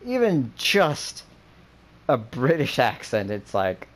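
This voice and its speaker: A man in casual chat, rambling with many fillers and breaking into profane, animated rants. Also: mid-range voice, takes it slowly.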